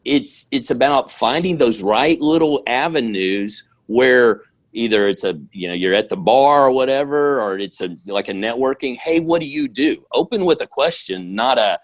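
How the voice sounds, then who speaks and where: A man co-hosting a sales podcast, giving casual advice and often dropping his voice low to stress a point. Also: lively intonation, moderate pace, hardly any pauses. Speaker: podcast co-host.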